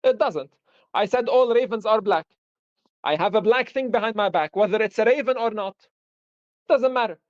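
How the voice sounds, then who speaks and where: A high-pitched man teaching philosophy on a live stream, working through examples and tossing out rhetorical questions. The sound is dry and dull, like lo-fi stream audio. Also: normal speed, pauses often, no echo. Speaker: philosophy lecturer. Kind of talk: live-streamed lecture discussion.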